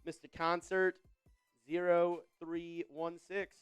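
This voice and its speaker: A man's voice: a little high, little pitch movement, slow, smooth, soft background music. A man hosting a live football watch party in upbeat, casual chat, reading out viewer comments with frequent fillers and repeated phrases.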